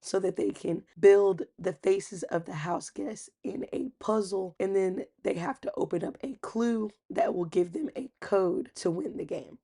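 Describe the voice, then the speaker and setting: Casual recap host: a woman with a husky, breathy voice and some gravel, chatty. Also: mid-range voice. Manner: chatty, acts out quotes with animated voices.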